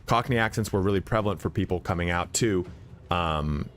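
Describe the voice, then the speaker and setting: A man's voice: sits low, brisk, a bit bright. A man streaming a game, chatting casually in a rambling way, with lots of swearing, fillers and restarts. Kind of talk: casual chat while playing. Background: faint game music.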